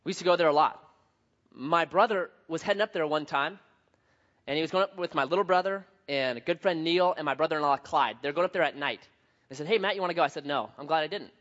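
A man pastor preaching a sermon, telling a story with lively swings from hushed to loud. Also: on the high side, fairly quick. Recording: dull lo-fi sound.

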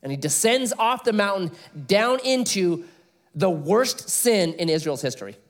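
A middle-aged man preaching an expository sermon, telling stories with animated delivery and laughing at his own jokes. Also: high-pitched, measured pace. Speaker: pastor.

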